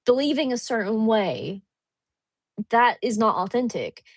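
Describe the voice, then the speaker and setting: A woman's voice: on the high side, animated, measured pace, no room sound. A woman in casual conversation, making her points earnestly and with emphasis. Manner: earnest and emphatic, building an argument. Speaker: co-host in a conversation. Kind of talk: casual chat.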